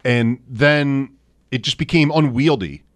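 A man in the middle of his range, co-hosting a relaxed sports talk show. He thinks out loud and reels off lists of player names. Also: mid-range voice, unhurried. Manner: thinks aloud, rattles off names. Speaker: co-host. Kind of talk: casual fantasy football chat.

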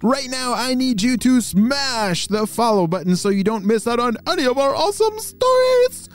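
A man's voice: very high voice, very animated, moderate pace, soft background music. A man hosting and narrating children's stories in an enthusiastic, playful way. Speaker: children's storyteller and host. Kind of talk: animated story narration for kids.

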